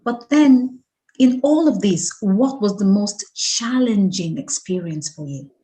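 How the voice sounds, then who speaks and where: A woman's voice: medium pitch, expressive, dark tone, rough recording. A woman host recapping the story and asking her guest questions. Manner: slow, recapping before asking. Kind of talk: interview questions.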